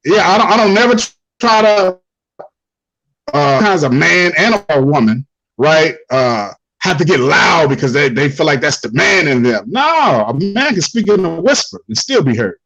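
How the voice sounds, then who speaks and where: A man's voice: a little high, big pitch swings, normal speed, fairly bright tone, no room sound, lo-fi sound. A man in a casual podcast conversation, speaking earnestly with repetitions. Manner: earnest, repeating himself, filler-heavy.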